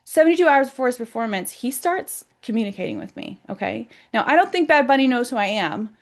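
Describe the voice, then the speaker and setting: Excited, emphatic woman talking to camera. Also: a little high, quick pace. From United States. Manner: excited, emphatic, repeats words. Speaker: self-described psychic vlogger. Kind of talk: casual monologue to camera.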